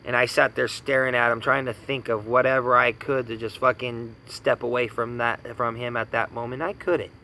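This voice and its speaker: A man's voice: medium pitch, little pitch movement, normal speed, hardly any pauses, sharp tone, a little hiss or hum, poor audio. A man in his thirties from the United States giving an angry personal rant, indignant and profane, hammering points with repetition. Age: 30s. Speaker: vlogger ranting.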